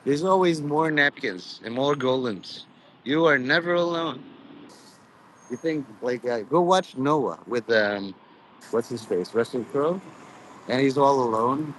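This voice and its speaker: Rambling, profane man at mid pitch. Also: a little slow, a bit bright, slight background noise, low-quality recording. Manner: meandering, profane, peppered with "you know"; mock preachy, drifts into quoted voices. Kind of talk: rambling monologue.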